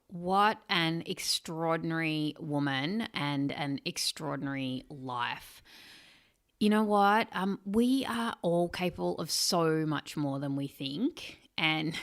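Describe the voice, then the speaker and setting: A woman's voice: sits low, fairly bright tone. A woman hosting an interview podcast and coaching her listeners, speaking in an effusive, encouraging way.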